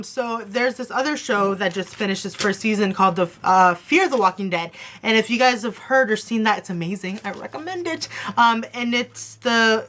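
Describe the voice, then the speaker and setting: Young woman, bright voice, fangirl review vlog, gushing and breathless, recorded to her camera. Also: mid-range voice. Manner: gushing, breathless fangirl chatter full of fillers. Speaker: TV review vlogger. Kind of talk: excited casual TV episode review. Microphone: camera on her desk after her phone stopped recording.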